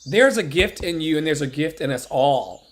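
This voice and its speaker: Preachy, emphatic man with a raised pitch. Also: lively intonation, normal speed, a little hiss or hum. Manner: preachy, emphatic, swears, repeats lines for emphasis. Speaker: life coach. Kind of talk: impassioned motivational monologue. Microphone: phone or webcam livestream.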